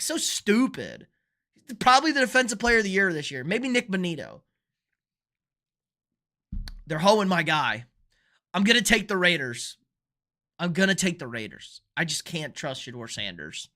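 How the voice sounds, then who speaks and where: A young man with a bright, forward voice runs a live football picks stream. He talks in a loose, rambling way and reacts to viewer chat as it comes in. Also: high voice, very animated, normal speed, long pauses. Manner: casual, rambling, reads and answers viewer chat. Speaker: sports show host.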